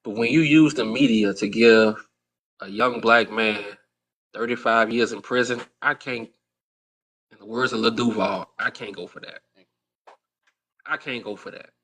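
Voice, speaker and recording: A man's voice: mid-range voice, normal speed, a bit bright. A man giving blunt opinion commentary in a played clip, talking emphatically, repeating phrases and using plenty of slang.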